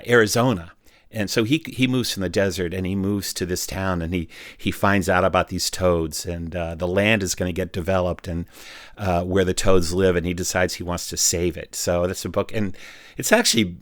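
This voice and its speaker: A man's voice: on the low side, dry recording. A man, a storyteller and songwriter, chats casually in an interview from his home studio and sings a children's song. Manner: rambling and animated, imitates toad calls. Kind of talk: casual interview chat, then singing a children's song with guitar.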